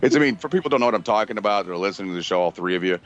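A man's voice: lowish voice, lively intonation, rapid-fire, muffled recording. A man hosting a podcast in casual chat, telling crude, rambling stories and acting out quotes. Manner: crude, rambling storyteller who acts out quotes. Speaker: podcast host.

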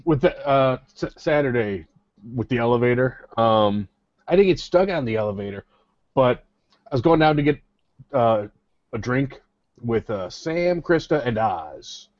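A man's voice: medium pitch, expressive, a little slow, no room sound. A man hosting a podcast, telling a long anecdote in casual chat and acting out his friends' voices as he goes. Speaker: podcast host. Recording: dull, lo-fi podcast audio.

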